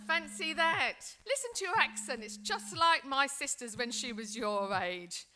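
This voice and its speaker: This is an aging migrant mother calling her grown children abroad, acted by a woman. Her voice sits high and bright with a tense edge. She talks in a warm, chatty, affectionate way. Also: normal speed. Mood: delighted. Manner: chatty, affectionate, talking on the phone. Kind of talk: acted role-play in a seminar.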